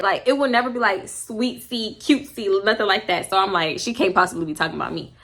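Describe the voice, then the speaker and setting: A young woman tells a storytime in a blunt, slangy, gossipy way. Her voice sits a bit high and rings bright and forceful. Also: fast talker. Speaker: storytime vlogger. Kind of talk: storytime vlog.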